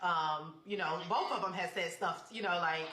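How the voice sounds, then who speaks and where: A woman telling a personal story in casual chat, animated and reading out text messages. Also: fairly low pitch, normal speed, reverberant, slight background noise.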